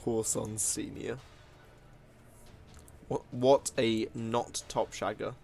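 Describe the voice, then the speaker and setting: A man's voice: medium pitch, level tone, takes it slowly, vocal fry, darkish tone, faint music behind. A man giving casual, self-mocking commentary while playing a card game, often laughing at himself. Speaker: gaming video host.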